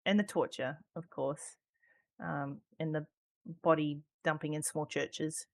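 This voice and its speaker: A woman's voice: low-pitched, fairly even intonation, measured pace, vocal fry, darkish tone. An Australian woman chatting casually as a podcast guest, talking freely with lots of ums, swearing and laughter. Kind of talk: casual chat.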